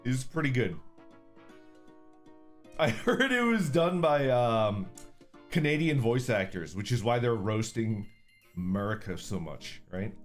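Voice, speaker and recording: A man chatting with his viewers in a relaxed, easygoing way, cursing freely and laughing often. His pitch swings around a lot as he talks, and soft music plays faintly behind him. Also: measured pace, pauses often. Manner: laid-back, profane, laughs often. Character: orc persona streamer. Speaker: streamer. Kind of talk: casual chat reading super chats.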